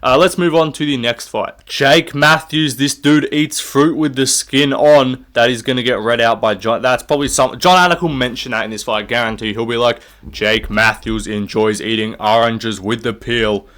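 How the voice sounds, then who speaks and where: A man's voice: mid-range voice, moderate pace, hardly any pauses, fairly bright tone. A young man, giving his fight picks in a rambling, profane, opinionated solo rant while standing up to record. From Australia. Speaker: MMA fight predictor.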